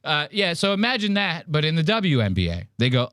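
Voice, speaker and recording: A man's voice: a little high, sing-song, a little fast, fairly bright tone, dry recording, clean studio sound. A man hosting a podcast, telling crude stories and mimicking others in a profane, mocking way. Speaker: podcast host. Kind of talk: crude comedic podcast commentary.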